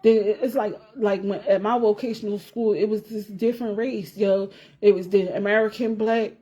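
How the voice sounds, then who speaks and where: A woman vlogger with a mid-range, mellow, slightly rough voice keeps a steady tone at normal speed. Talking casually to her viewers on camera, she rambles, repeats points, curses liberally and laughs as she speaks.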